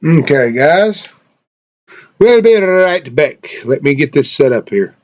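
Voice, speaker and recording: A man with a slightly high voice talks his way through setting up a live game stream. He rambles, swears freely and mutters to himself as he hunts for files and waits on loading. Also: very animated, slow pace. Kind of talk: casual live-stream chat.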